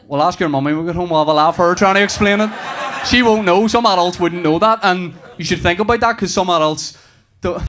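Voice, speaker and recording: A man in his thirties doing a stand-up routine, telling stories with animated delivery, laughing and shouting at punchlines. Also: sits high, fairly quick, a little hiss or hum. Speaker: stand-up comedian.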